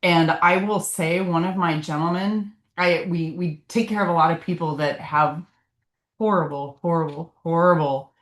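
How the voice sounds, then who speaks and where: Low-voiced woman, earnest lecturer. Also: normal speed. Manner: earnest, heartfelt. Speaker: physician presenter. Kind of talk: casual continuing-education lecture. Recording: echoey room.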